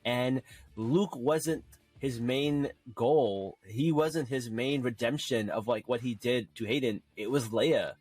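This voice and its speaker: A man's voice: medium pitch, takes it slowly, a little mellow, breathy edge, dry recording. Enthusiastic man chatting on a podcast. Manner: enthusiastic, many fillers like "like" and "you know". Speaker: podcast co-host. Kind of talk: casual chat.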